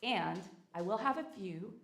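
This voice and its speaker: A woman's voice: mid-range voice, expressive, unhurried, gravelly, a bit bright. A woman with a Southern US accent giving a playful sermon in a church, getting the congregation to repeat phrases with her. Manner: playful, leads the congregation in call-and-response. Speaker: guest speaker. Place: church sanctuary. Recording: echoey sanctuary.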